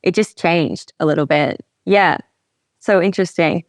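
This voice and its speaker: Aussie woman podcast host, lowish voice, chatty and full of fillers, dry mic. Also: measured pace, no echo. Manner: chatty, animated, lots of fillers. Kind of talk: casual interview chat.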